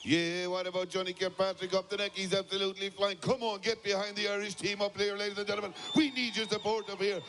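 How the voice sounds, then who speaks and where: Male commentator, high, steady pitch, repetitive crowd-rallying calls. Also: quick pace, hardly any pauses, slight background noise. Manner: excited, repeats phrases, rallies the crowd. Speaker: shearing commentator. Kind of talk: live sport commentary.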